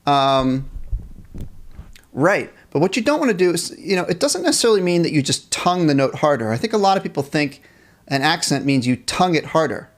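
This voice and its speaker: Male band teacher on a live stream, voice a bit high, explaining and counting in for players at home. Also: big pitch swings, fairly quick. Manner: talks to viewers and reads the chat, counts off rhythms. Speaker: music teacher.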